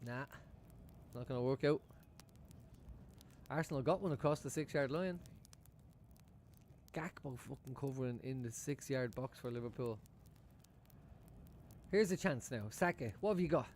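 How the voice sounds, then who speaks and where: A man's voice: medium pitch, normal speed, pauses often, a little mellow, a little hiss or hum. A man chatting casually at home while he watches a football match live for his stream, swearing freely and laughing often. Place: room at home.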